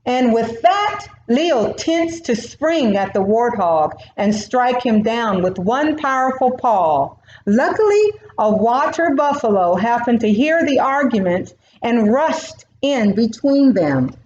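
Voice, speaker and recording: A woman reading a children's storybook aloud in a slow, expressive way. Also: a little high, a little hiss or hum. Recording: roomy, dull recording.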